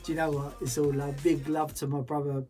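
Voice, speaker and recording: A man's voice: fairly high pitch, level tone, brisk, mellow, faint music behind. A man hosting as a DJ, chatting casually and upbeat, with loose slangy talk. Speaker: DJ and show host. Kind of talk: casual livestream chat.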